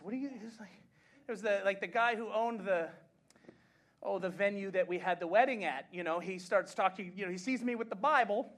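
A male pastor from the United States preaching a sermon, swinging between impassioned shouting and chatty, laughing storytelling. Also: high-pitched. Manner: chatty anecdote-telling with frequent laughs.

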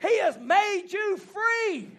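High-pitched shouting preacher. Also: male voice, big pitch swings, slow, a faint crowd. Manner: shouting, rhythmic repetition, call-and-response exhortation. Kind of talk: fiery revival sermon. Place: church banquet hall.

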